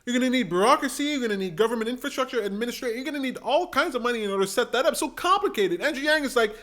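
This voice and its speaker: A man giving an excitable reaction commentary on a debate clip, mimicking voices, laughing and exclaiming. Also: very high voice, rapid-fire, hardly any pauses. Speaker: political commentator.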